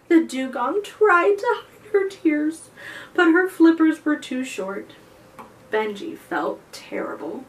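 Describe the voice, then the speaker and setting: Animated woman reading a children's story. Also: high-pitched, slow pace. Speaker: library storytime reader. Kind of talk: children's picture-book read-aloud. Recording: voice heard from a distance off the mic.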